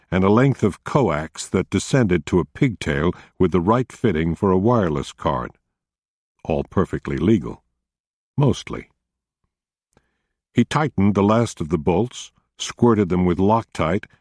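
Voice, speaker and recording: A man narrating a story in a measured, even audiobook reading. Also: sits low, no room sound, studio quality.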